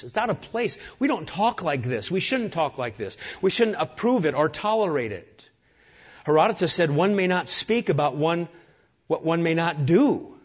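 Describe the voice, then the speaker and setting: Husky-voiced man preaching a sermon. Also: fairly high pitch, muffled recording. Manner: earnest, emphatic preaching with repeated lists. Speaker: pastor.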